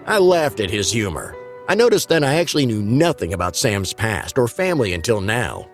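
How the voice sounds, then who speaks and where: A man reading a spooky story aloud in steady storytelling narration. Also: on the low side, fairly quick, soft background music.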